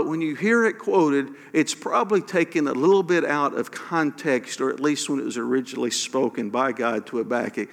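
A man preaching a sermon as pastor, animated, acting out quoted prayers with emphatic questions. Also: fairly high pitch, big-room sound.

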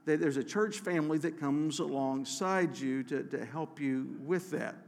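An earnest male pastor delivers a sermon, often restarting his phrases and dropping to a slow, soft emphasis. His voice sits a little high for a man and has a gravelly edge. The sound carries a long reverb, like a church hall.

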